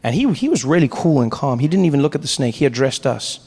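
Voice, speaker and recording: A man doing stand-up storytelling, animated, often breaking off and restarting. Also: quick pace, long reverb tail. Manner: animated, many self-interruptions, jumps into high voices. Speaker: stand-up comedian.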